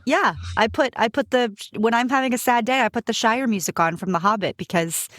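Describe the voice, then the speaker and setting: A woman co-hosting a casual podcast chats eagerly about film music, rambling enthusiastically and restarting her sentences often. Her voice is fairly high, fairly quick and a bit bright, with no room sound.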